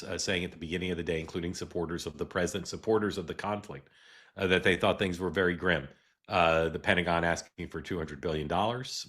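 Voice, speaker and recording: A middle-aged man hosting a live political news show, talking in a halting way with many "uh"s and restarts. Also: low voice, fairly bright tone. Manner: halting, filler-heavy delivery with frequent "uh" and restarts. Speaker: host.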